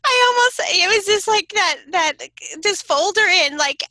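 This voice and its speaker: A woman's voice: extremely high pitch, expressive, normal speed, bright, forceful tone, poor audio. A woman hosting a faith-based podcast, gushing and enthusiastic as she chats with a friend. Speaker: podcast host. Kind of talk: casual chat interview.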